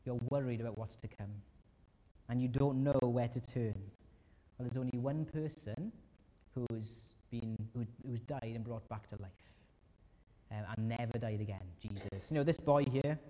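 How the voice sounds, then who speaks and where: A man preaching to his congregation, earnest and plain-spoken. His voice is mellow and relaxed, carried on a long hall reverb. He voices anguished prayers with a sudden lift in pitch. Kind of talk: sermon. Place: church hall.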